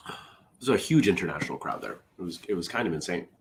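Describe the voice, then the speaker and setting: A man with a lowish voice hosts a relaxed morning chat show on his own. His pitch swings widely as he reads jokes and wanders off into side stories, often stopping to restart a thought. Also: fast, gravelly, a little hiss or hum. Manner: rambling and self-interrupting, drifts into side stories between jokes. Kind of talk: casual solo morning chat, reading jokes aloud.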